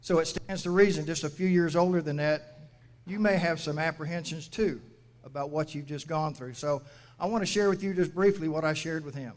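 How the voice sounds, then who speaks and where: 60s guy, a mayor giving a grad speech, folksy storyteller, bit of a higher voice, long echoey hall. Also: steady tone, a little fast, darkish tone. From United States. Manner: folksy storytelling with quoted dialogue. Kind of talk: commencement address. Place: large graduation venue. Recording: echoey hall from a public address.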